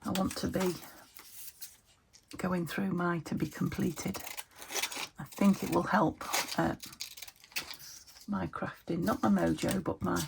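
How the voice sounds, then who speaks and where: Crafting at her home desk, a British woman talks casually to viewers and to herself, often searching for the right word. She speaks slowly and steadily in a low, creaky voice with long pauses, and the background is noisy.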